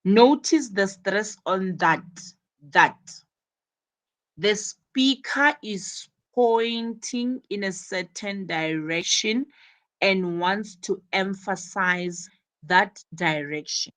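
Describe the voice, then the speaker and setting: A woman's voice: mid-range voice, takes it slowly, a bit bright. A woman teaching an English lesson, explaining each point carefully and repeating words for emphasis. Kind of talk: classroom explanation.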